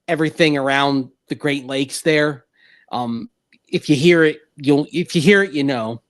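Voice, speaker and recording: Animated male sports radio host. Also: on the high side, no room sound. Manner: animated, rambling with restarts. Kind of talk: sports talk radio chat.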